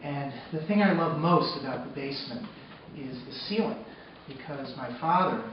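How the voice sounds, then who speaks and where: A man telling a personal story on stage, moving between hushed, sombre narration and loud, excited retelling. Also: mid-range voice, moderate pace. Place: arts center stage before a live audience. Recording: echoey hall from far off, dull and noisy.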